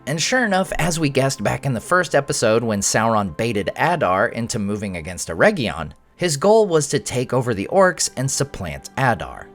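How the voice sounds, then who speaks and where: Lively wry man breaking down an episode. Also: medium pitch, moderate pace, few pauses, faint music behind. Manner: wry, joking asides. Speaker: host.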